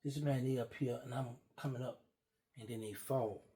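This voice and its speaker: A middle-aged man casually telling a long personal story, animated and acting out what others said. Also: mid-range voice, normal speed. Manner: animated, acts out quoted dialogue. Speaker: guest storyteller.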